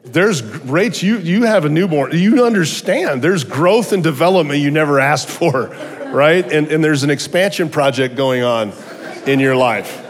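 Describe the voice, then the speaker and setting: Middle-aged man giving a lively testimony. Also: a little high, normal speed. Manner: animated storytelling with joking asides. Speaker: guest speaker. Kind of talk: personal testimony sermon. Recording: long hall reverb.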